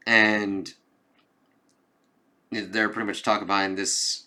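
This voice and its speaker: A man talks through a comic book review in a loose, casual way, reading out the characters' lines as he goes. His voice is bright and forceful, pitched a little low for a man, and he swears freely. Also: measured pace. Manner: reads comic dialogue aloud, casual and swearing.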